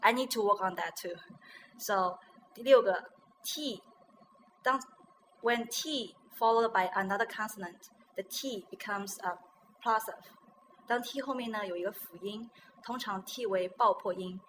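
Woman, Chinese accent, native Chinese speaker, pronunciation teacher, bright tense voice, repeats and checks words. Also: mid-range voice, unhurried, a little hiss or hum, rough recording. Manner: repeats words after the guest and checks them. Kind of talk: bilingual pronunciation lesson.

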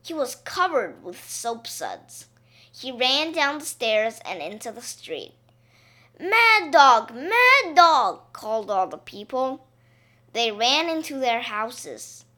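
A woman reading a children's story aloud, slowly and expressively. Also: fairly high pitch. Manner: slow, expressive read-aloud.

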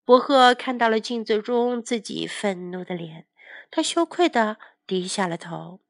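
A woman who teaches English, reading a children's story aloud in two languages in a gentle, careful way. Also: medium pitch, lively intonation, a little slow, no echo, clean studio sound.

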